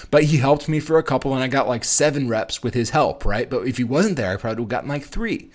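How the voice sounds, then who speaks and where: A man hosting a casual fitness vlog. He gives strength-training advice in a chatty, animated way, full of fillers and restarts. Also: mid-range voice, fast. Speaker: fitness channel host.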